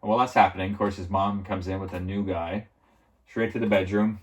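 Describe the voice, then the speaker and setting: A man's voice: sits low, fairly even intonation, a little fast. A man reviewing a TV episode in a casual, rambling recap, full of filler words and chuckles. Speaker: TV show reviewer.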